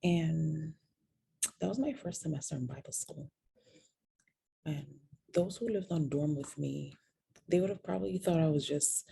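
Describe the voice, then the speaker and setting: A woman's voice: low-pitched, moderate pace, gravelly, long pauses, mellow, slight background noise. A woman candidly confiding a personal story to viewers in a vlog, sometimes dropping to a whisper on painful details. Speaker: host telling her own story.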